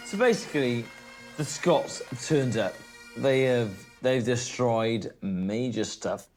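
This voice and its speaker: A man's voice: mid-range voice, slow, a little mellow, faint music behind. A drunk man telling a history story in a rambling, jokey way. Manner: rambling, jokey, slips into silly voices. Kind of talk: drunken comic retelling of history.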